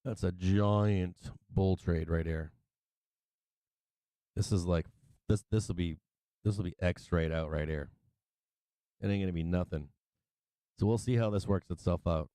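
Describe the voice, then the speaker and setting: A man's voice: low-pitched, steady tone, measured pace, pauses often, dark tone, clear, resonant tone, dry recording. A middle-aged man hosting a casual stock market livestream, talking through charts, laughing often and swearing freely. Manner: laughing, sing-song chanting, swears freely. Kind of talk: casual live trading commentary.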